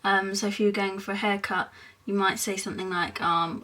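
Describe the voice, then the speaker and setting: A young woman from Essex with an Essex accent, chatting casually in a rambling vlog, giggling often and filling pauses with lots of ums. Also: mid-range voice, level tone, pushed and bright, far from the mic. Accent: Essex English. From England (Essex).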